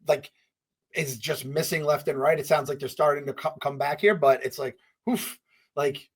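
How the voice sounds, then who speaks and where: A man's voice: fairly high pitch, normal speed, breathy edge. A man co-hosting a podcast in casual chat, rambling with lots of fillers. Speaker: podcast co-host.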